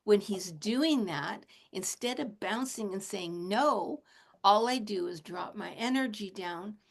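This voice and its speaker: A woman in her late sixties, a shamanic teacher, talking in a gentle, casual teaching manner and chuckling often. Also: mid-range voice, slow, creaky. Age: 60s. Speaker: shamanic teacher and animal communicator.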